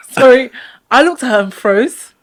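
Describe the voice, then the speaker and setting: A woman with a fairly high voice chats on a podcast. She tells her story in a loose, casual way, laughing often and acting out the people in it. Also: expressive, unhurried. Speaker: podcast co-host.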